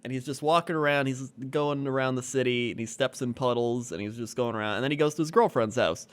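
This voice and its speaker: Podcast co-host, a man of middle pitch, a rambling storyteller. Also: fast talker, clean tone. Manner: rambling storyteller, filler-heavy, laughs easily. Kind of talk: casual comedic chat.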